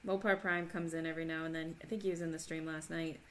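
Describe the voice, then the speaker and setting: A low-voiced woman from Minnesota, USA, hosts a crafting livestream, chatting casually, reading the chat aloud and laughing often. She talks fast with a flat delivery, and there's a slight hiss or hum in the audio.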